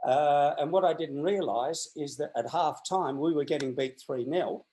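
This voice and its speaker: In a rough recording, an Australian man in his sixties spins a long story as an interview guest, bringing its characters to life with animated voices during the casual chat. He speaks at normal speed with a voice on the high side.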